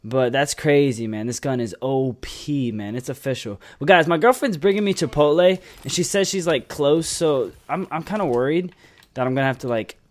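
A young man giving casual, excitable commentary over a shooter game, cursing freely and tagging "man" onto his lines. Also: mid-range voice, normal speed. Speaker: gameplay commentator.

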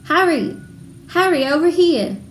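Eager schoolgirl witch, lady reading, higher and quick, echoey room. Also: lively intonation, warm tone. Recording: roomy room, faint background noise.

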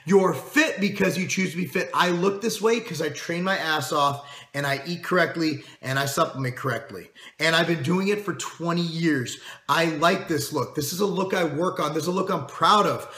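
A man's voice: a little high, normal speed, hardly any pauses, bright, forceful tone, reverberant. A middle-aged man hosting a fitness channel, talking to camera in a blunt, emphatic and profane way. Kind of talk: casual monologue to camera.

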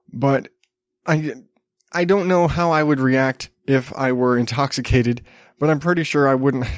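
A man's voice: mid-range voice, no echo. Rambling man hosting a solo podcast. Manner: rambling, self-interrupting with restarts. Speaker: podcast host. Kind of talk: casual solo commentary.

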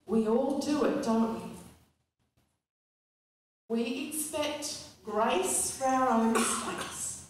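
A woman's voice: sits high, drawn-out words, long pauses. A woman preacher giving a sermon, earnest and questioning the congregation. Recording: echoey hall, distant mic, faint noise.

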